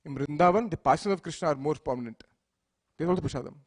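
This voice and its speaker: A man's voice: a little high, very fast. Man preaching with storytelling. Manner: acts out the deities' speech with rising loudness, asks listeners "right?". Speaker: speaker giving a temple lecture. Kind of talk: sermon with storytelling.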